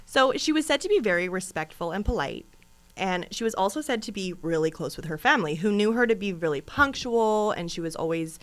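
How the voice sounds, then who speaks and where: A woman's voice: medium pitch, animated, brisk, a bit bright. A woman co-hosting a true crime podcast in casual, chatty talk, rambling into asides and laughing often. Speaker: podcast co-host.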